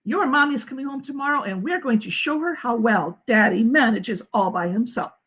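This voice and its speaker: A cheerful, bumbling dad who coaxes his children in an upbeat way, as a woman reading a storybook puts him on. The voice is a little husky and swings up and down in pitch. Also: animated, normal speed, fairly bright tone, full character voice. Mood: firm. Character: cheerful, bumbling father cooking for kids.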